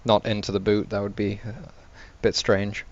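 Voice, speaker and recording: A man's voice: on the low side, little pitch movement, normal speed. A man playing in a tabletop role-play session, describing his character's actions with hesitant fillers. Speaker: player. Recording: dull lo-fi voice chat with faint hiss.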